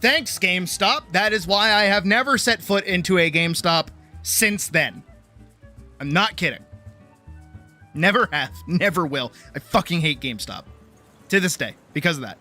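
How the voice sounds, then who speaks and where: A woman streamer telling a casual, animated story, swearing freely and acting out other people's lines. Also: fairly low pitch, normal speed, soft background music. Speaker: streamer and artist.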